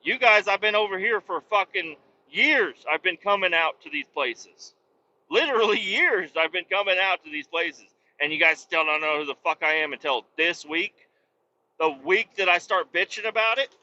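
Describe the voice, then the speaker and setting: Man, bright forceful voice, slightly high, cursing and griping, muffled lo-fi recording, talking from a vehicle. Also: lively intonation, moderate pace, slight background noise. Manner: profane, complaining, self-mocking. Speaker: podcast host. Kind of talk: casual rambling monologue while driving. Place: vehicle on the road.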